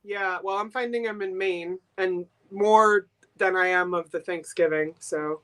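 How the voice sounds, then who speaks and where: A woman's voice: on the low side, a bit bright, clear, resonant tone. A woman from Boston chatting casually and enthusiastically as a guest seller on a live-stream sale. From Boston, USA. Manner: chatty and enthusiastic, quick giggles.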